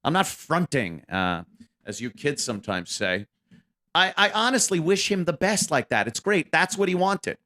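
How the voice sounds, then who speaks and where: Profane man in his fifties, lively pitch. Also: normal speed. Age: 50s. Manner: profane, rambling, self-deprecating. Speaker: radio show co-host. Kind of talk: casual monologue about his career.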